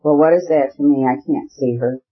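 Betrayed wife, bitter and proud, cold and shrill lines, read by a man, muffled lo-fi sound. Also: steady tone, fairly quick, breathy edge. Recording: muffled lo-fi audio.

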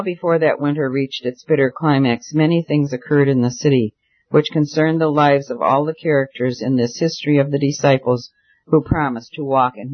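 A man reading a novel aloud as narrator, steady and measured. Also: on the high side, dull audio. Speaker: audiobook narrator.

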